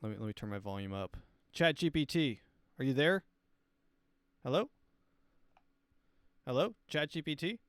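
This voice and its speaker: Rambling podcast host man, smooth dry voice. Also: mid-range voice, moderate pace, pauses often, no echo. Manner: rambling, filler-heavy, deadpan asides. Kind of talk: casual comedic commentary.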